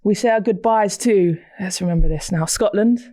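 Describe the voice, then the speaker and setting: A woman's voice: medium pitch, moderate pace, dry recording. A woman hosting a rugby podcast, teasing her co-hosts and steering a casual studio conversation. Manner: lively, teasing, steers the talk.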